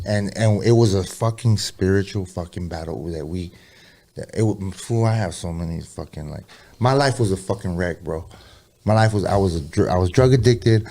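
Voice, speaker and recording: Deep-voiced, profane storytelling man. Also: normal speed. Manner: rambling and profane, with slangy asides; drops low and quiet for eerie moments. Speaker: podcast guest, rapper. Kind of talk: casual storytelling interview.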